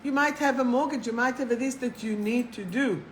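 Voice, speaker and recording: A woman's voice: on the high side, fairly quick, a little hiss or hum, low-quality recording. Chatty woman hosting a spiritual livestream. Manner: chatty, animated, laughs at herself, swears casually. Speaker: spiritual coach and live show host. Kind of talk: casual livestream talk.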